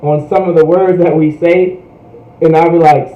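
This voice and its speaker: A man's voice: on the high side, little pitch movement, moderate pace. A man teaching a language class, talking casually and checking in with "right?" after nearly every phrase. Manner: repeats "right?" and "all right?" constantly. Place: US, Hampton Roads area. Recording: roomy, dull livestream audio.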